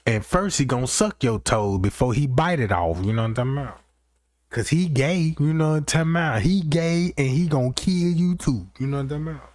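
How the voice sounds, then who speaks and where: Streamer, male, slightly high voice, dry close sound; loose, rambling comic rant full of profanity. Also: lively intonation, brisk, a little mellow, no room sound. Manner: rambling, keeps asking "you know what I'm talking about". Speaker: livestream host.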